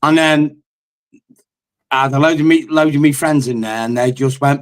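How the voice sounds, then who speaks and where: A man's voice: a little high, steady tone, normal speed, pauses often. A man, a football fan on a live call-in panel, talking bluntly, swearing often and telling stories as he rants about his team. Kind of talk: heated fan call-in rant.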